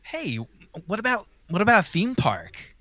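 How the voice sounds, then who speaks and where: Smug teen son, played by a man, teasing and bossy, lively and bright. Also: high voice, moderate pace, no room sound, exaggerated voice. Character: cocky older teenage son. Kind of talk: comedic horror audio skit.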